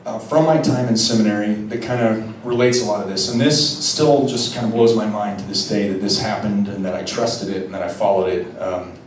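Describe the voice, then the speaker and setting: A young male preacher tells a story in a relaxed, joking way, often stopping to restart a thought. His low voice carries through a very reverberant church from a distant mic, with a faint room hum beneath. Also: brisk, hardly any pauses. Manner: casual, wry asides, frequent "I mean" and restarts. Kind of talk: conversational homily with personal story. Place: large echoey church. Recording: echoey church from far off.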